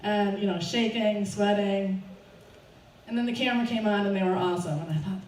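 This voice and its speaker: A woman's voice: mid-range voice, steady tone, moderate pace, a little mellow. A woman telling a personal story to a live audience at a fundraiser, nervous and often laughing. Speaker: speaker at a fundraiser. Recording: roomy, distant, faint background noise.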